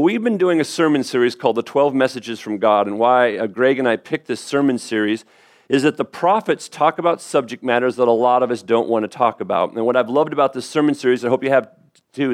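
A middle-aged man preaching a sermon as pastor, telling a story in a conversational way with quick asides and restarts. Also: mid-range voice.

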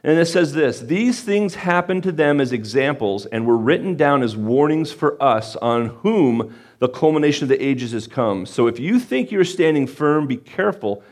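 A man's voice: a little high, animated, moderate pace, a little mellow. A man preaching a sermon as pastor, conversational and self-deprecating, and he gets fired up as he speaks.

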